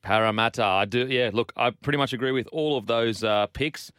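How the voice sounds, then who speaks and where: An Australian man hosting a casual podcast, trading upbeat banter and quick opinions with his guest. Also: medium pitch, fairly bright tone, clear, resonant tone, no room sound, studio quality. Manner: upbeat banter, quick hot takes, fond of "mate". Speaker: podcast host.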